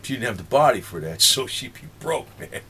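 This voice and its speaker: A man's voice: medium pitch, big pitch swings, brisk, sharp tone, slight background noise. A man with a New Jersey accent rambling in a monologue to his viewers, swearing freely and chuckling between points. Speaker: political vlogger.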